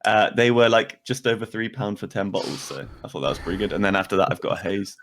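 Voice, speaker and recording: A man's voice: on the low side, lively intonation, quick pace, fairly bright tone, a little hiss or hum. A man co-hosting a casual podcast, laid-back and wry. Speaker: podcast co-host. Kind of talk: casual chat.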